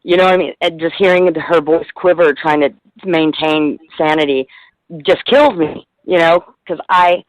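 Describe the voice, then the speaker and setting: A woman's voice: low voice, normal speed, dry recording, highs cut off. A middle-aged woman guest in a casual radio interview, talking in a rambling, heartfelt way with plenty of swearing.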